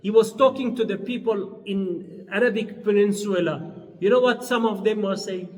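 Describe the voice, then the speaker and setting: A man's voice: high-pitched, normal speed. A man giving a philosophy lecture, emphatic and repeating his key words as he acts out short quoted exchanges. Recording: far from the mic in a reverberant hall.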